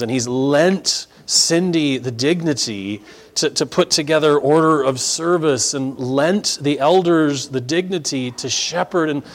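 A middle-aged man preaching a sermon as pastor, acting out voices and dropping to quiet asides. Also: a little high. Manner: animated, acts out crowd voices, drops to quiet asides.

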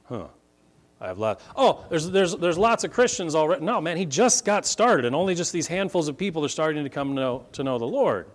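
A middle-aged man preaching a sermon, swinging from quiet asides to loud, emphatic points. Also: on the high side, sing-song, fairly quick. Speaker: pastor.

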